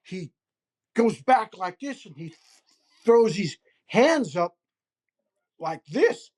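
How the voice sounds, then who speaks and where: A man who is an interview guest, telling a first-person story deliberately and acting out gestures as he describes them. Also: high-pitched, big pitch swings, a little mellow. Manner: deliberate, acts out gestures as he narrates. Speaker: interview guest recounting a hunting encounter.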